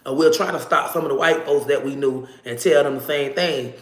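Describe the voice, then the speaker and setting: A woman telling a story in casual, slangy speech, animated and profane, acting out the other people's voices. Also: sits low, a little fast. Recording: roomy echo.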